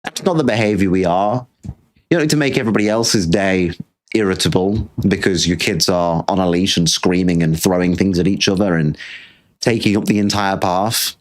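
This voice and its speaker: A man's voice: low-pitched, moderate pace. A man hosting his own show, ranting in a casual monologue with frequent swearing and repeated phrases. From Britain. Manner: blunt, swears freely, repeats himself while ranting. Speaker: podcast host.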